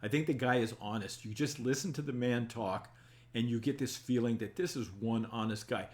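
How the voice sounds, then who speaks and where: A man's voice: medium pitch, normal speed. An older man hosting a casual live-stream talk show, reading viewer comments aloud and answering in a folksy, rambling way.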